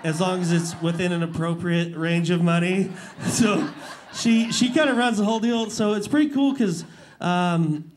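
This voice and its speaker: A man's voice: high-pitched, moderate pace, a little hiss or hum. A man in his forties, a rodeo clown guest on a live talk show, telling rambling stories and laughing often. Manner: emotional, laughing, rambling storyteller. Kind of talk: casual talk-show storytelling. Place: live show before an audience.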